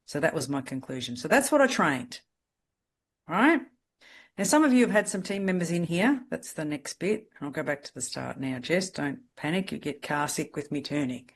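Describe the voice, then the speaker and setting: Woman, salon mentor, blunt, direct, lively coaching talk, video call. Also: low voice, moderate pace, breathy edge. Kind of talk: coaching session to a group.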